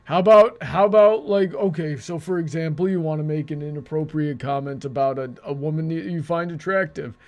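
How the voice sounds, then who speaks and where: Halting, earnest debate host, a man. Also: a little high, darkish tone. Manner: earnest, halting, restarts his sentences. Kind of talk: casual debate.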